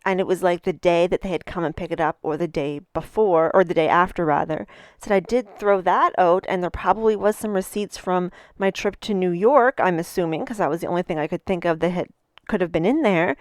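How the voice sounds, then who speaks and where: A middle-aged woman with a slightly low voice tells a personal story as a podcast host. She talks in a chatty, animated way and keeps adding asides. The recording is dry and close, with no room sound. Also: a little fast, no echo. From Canada. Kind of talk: casual storytelling monologue.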